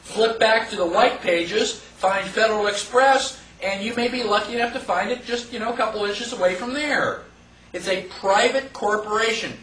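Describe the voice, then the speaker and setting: A man teaching a live class in a casual, conversational way, asking the room rhetorical questions and acting out quick mock quotes. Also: high voice, fairly bright tone, a little hiss or hum. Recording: echoey room from far off.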